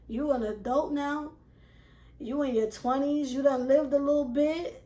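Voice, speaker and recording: A woman, telling her story to camera in an animated way and acting out her old thoughts with swearing. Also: sits high, slow pace, pauses often. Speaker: vlogger and self-published author. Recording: echoey room with music playing behind.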